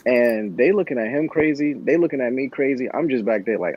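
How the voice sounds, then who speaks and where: A man's voice: mid-range voice, sing-song, brisk, few pauses, darkish tone, husky. A man on a podcast telling a work story in a laid-back way, swearing freely and making dry asides, in a dull lo-fi recording. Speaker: podcast co-host. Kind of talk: casual storytelling.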